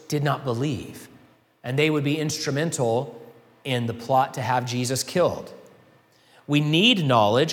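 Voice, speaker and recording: A male pastor giving a sermon in a conversational, explanatory way, with asides and rising emphasis. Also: mid-range voice. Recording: long reverb of a hall.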